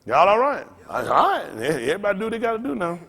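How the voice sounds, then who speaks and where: A man's voice: high voice, wildly swooping pitch, fast talker, vocal fry, fairly bright tone. A man preaching to his congregation in a blunt, profane, rambling style, trading call-and-response with the room. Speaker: pastor.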